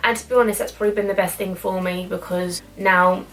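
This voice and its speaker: A young woman chatting casually to camera in a mukbang vlog, animated and eating between sentences. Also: mid-range voice, a little fast. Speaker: YouTuber. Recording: slightly distant mic with faint background noise.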